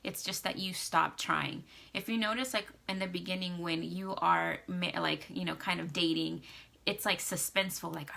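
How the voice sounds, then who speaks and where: A young woman talks straight to camera about marriage in a casual, chatty way, full of fillers and acted-out quotes. Her voice sits a bit low, with a bright edge and a gravelly fry. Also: steady tone, normal speed. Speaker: vlogger giving marriage advice. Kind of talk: casual advice talk to camera.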